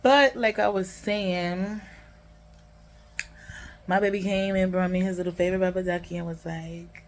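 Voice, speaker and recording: A woman's voice: fairly low pitch, fairly even intonation, normal speed, slight background noise. A woman with a New York accent telling a personal story to her vlog audience in a candid, emotional way with lots of slang. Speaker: vlogger. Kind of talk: casual storytelling to camera.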